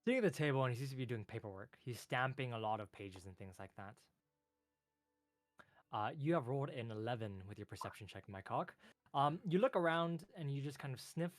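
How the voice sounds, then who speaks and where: A man narrating a tabletop game as game master in a loose, relaxed way with lots of filler words. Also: medium pitch, fairly quick, no room sound, clean studio sound.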